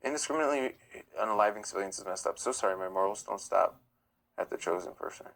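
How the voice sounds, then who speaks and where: A man's voice: lowish voice, fast talker, vocal fry, fairly bright tone, low-quality recording. A man hosting a live stream, reading chat comments aloud and answering them bluntly. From United States. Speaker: livestream host.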